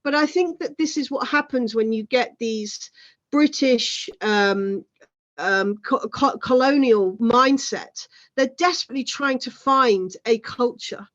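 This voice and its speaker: A woman's voice: a little high, slow pace, a bit bright, lo-fi sound. A woman in her thirties, a guest in an interview, chatting at length with many "you know" asides. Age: 30s. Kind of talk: casual conversation.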